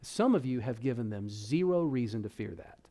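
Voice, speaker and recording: A man's voice: medium pitch, lively intonation, normal speed, dark tone. A man speaking to parents at a church workshop, talking to the audience in a conversational, direct way. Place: church hall.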